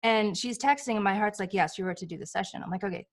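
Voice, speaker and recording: A woman's voice: mid-range voice, quick pace. A woman guest on a talk show, a healer, telling personal stories in casual chat and acting out the voices she quotes. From United States. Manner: animated, acts out quoted voices.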